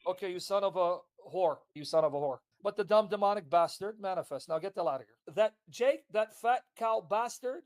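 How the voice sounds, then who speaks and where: A man's voice: sits high, a little fast, few pauses. A man delivering a hostile, insulting tirade on a livestream. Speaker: online commentator. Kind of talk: livestream rant.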